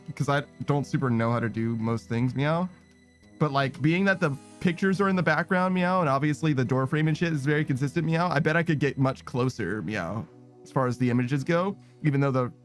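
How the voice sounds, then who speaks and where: A man's voice: medium pitch, soft background music. Laid-back streamer man saying "meow" constantly. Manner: tacks a quick "meow" onto nearly every phrase; rambling, laid-back, swears casually. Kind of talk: casual gaming stream chat.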